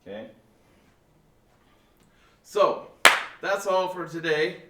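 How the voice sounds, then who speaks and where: A man's voice: a little high, animated, drawn-out words. Patient male music teacher, echoey room. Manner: patient, explaining step by step with restarts. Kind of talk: remote band lesson. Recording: echoey room, faint noise.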